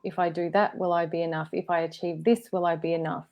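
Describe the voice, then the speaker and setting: A woman's voice: fairly low pitch, level tone, fast talker, a little mellow. A woman with an Australian accent, a guest speaker talking earnestly and reflectively in a live online discussion over a video call.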